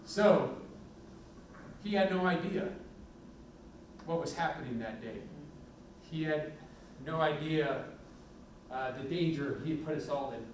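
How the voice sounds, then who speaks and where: A middle-aged man, a police chief, giving a candid, animated talk full of anecdotes in a university event hall. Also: on the high side, unhurried, long pauses, a little hiss or hum. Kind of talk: public talk with war stories. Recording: echoey hall from a distant mic.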